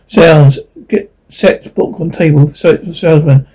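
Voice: mid-range voice, unhurried, mellow, husky, rough recording. A reader reading an old radio drama script aloud, stage directions and speaker names included, with stumbles. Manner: reads cues and character names aloud with stumbles.

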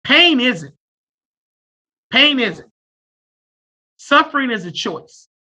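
A man in his thirties, a therapist in casual conversation, talking loudly and bluntly with off-color jokes. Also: very high-pitched, very animated, extremely slow. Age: 30s. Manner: loud and abrasive, blunt and joking.

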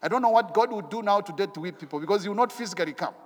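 A man preaching a sermon in an animated way, asking rhetorical questions and repeating his phrases. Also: high voice, very fast, long reverb tail.

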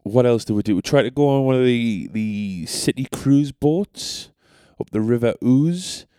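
A man's voice: mid-range voice, measured pace, mellow, clear, resonant tone, no room sound. Sweary, rambling man. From North East England. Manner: rambling, sweary, self-deprecating. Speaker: podcaster. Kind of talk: casual storytelling.

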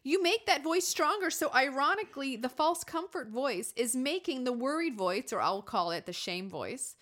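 A woman in her thirties co-hosting a podcast, telling a personal story candidly and acting out her inner voices with sudden jumps in pitch. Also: expressive, moderate pace, few pauses, fairly bright tone. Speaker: podcast co-host.

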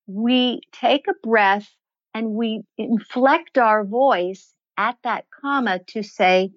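A woman answering interview questions as a voice and performance coach, explaining in a measured, instructive way. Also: on the high side, dry recording, muffled recording. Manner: measured, instructive, slows to stress points.

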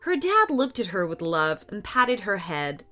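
A woman reading a children's story in an unhurried, expressive way. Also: mid-range voice, faint music behind. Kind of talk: scripted narration.

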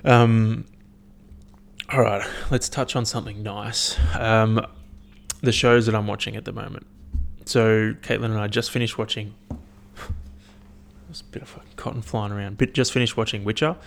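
A man's voice: fairly low pitch, fairly even intonation, normal speed, vocal fry, a little hiss or hum. A young man, hosting a casual solo rant, swearing often and rambling animatedly between stories.

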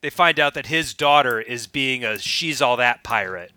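A man's voice: mid-range voice, lively intonation, normal speed, pushed and bright, clear, resonant tone, no room sound. A man co-hosting a comedy podcast, trading playful improvised jokes. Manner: playful, jokey.

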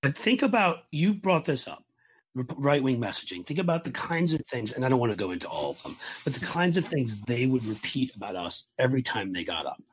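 A man's voice: medium pitch, very animated, a little fast, husky, no room sound. A man co-hosting a political podcast, talking emphatically in a rambling way with restarts. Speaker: podcast co-host. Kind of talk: casual political chat.

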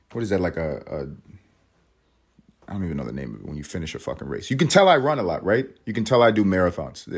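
A man with a lowish voice tells a story on his podcast. He is animated and profane, and he swears through nearly every sentence. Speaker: podcast host. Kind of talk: storytelling monologue.

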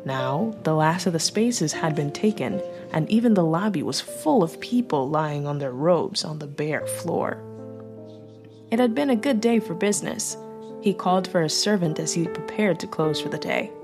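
A woman narrates an audiobook in a low, steady voice, telling the story at a measured pace. Soft music plays quietly under her reading. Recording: faint music bed.

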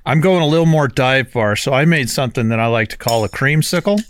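A man's voice: medium pitch, brisk, no room sound, clean studio sound. A military veteran, a man, chatting casually on a podcast over drinks, easygoing and self-deprecating with jokes.

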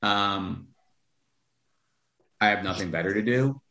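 A man's voice: on the low side, slow pace, gravelly, pushed and bright. Man, blunt, profane, real estate investor, echoey room. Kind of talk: podcast interview.

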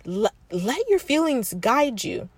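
A fairly high, breathy-edged voice with big pitch swings belongs to a self-help podcast host who takes things slowly on a dry recording. She speaks frankly and reflectively, addressing the listener as sis like a sister and thinking aloud with restarts.

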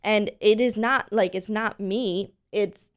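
A woman in her twenties, a voice teacher from Pennsylvania, chatting as an interview guest and telling animated stories full of fillers. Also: mid-range voice, slow, smooth. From Pennsylvania, USA. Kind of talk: casual interview chat.

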